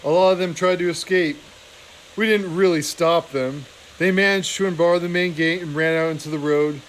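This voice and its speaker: A man reading aloud, voicing a weary, gruff female badger who fought in a battle. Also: on the high side, steady tone, normal speed, a little hiss or hum, lightly acted, poor audio.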